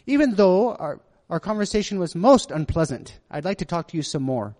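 A man voicing a prim, formal British woman in a roughly attempted British accent, with clipped wording. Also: sits high, very animated, brisk, warm tone. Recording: long hall reverb.

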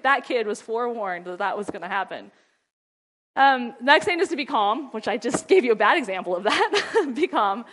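A middle-aged mother and ministry wife offers parenting advice in a loose, chatty manner, laughing often. Her slightly high, fairly bright voice turns firm and scolding when she acts out what she tells her kids.

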